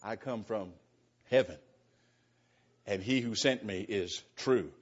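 A man's voice: lowish voice, slow pace, slightly rough. A middle-aged man preaching a conversational Bible-teaching sermon, chuckling often and restarting his phrases as he explains verses. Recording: dull lo-fi sound.

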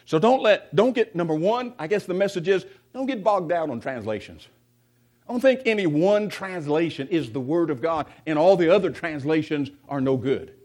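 A man's voice: fairly high pitch, lively intonation, normal speed, darkish tone. Conversational preacher man asking questions. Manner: conversational, asks the congregation questions; many restarts and repeated words. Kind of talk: sermon.

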